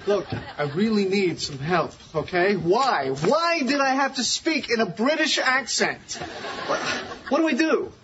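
A nervous young man pleading for help, his pitch swinging widely. It sounds dull and muffled, like a clip from a TV show. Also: lively intonation, a little slow, music in the background. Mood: anxious. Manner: anxious, pleading. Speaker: sitcom character.

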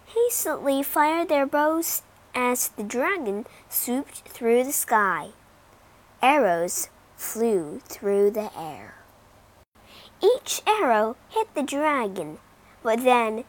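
A woman reads a children's storybook aloud, very slowly and with dramatic expression. Her voice sits fairly high and rises and falls a lot. She narrates each phrase with care for learners. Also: very animated.

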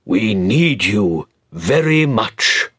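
A man voicing a stern but softening elderly earl, speaking slowly and deliberately in a husky, low voice. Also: very animated, no echo, clean studio sound, full character voice. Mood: grave, tender. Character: stern old earl softening, male, aristocratic.

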